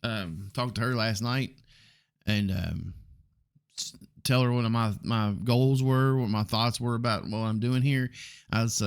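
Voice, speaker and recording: A man's voice: mid-range voice, a little slow, smooth. Laid-back Southern man in his forties. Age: 40s. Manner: rambling, blunt, frequent ums and mild swearing. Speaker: podcast host. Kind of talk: casual solo podcast talk.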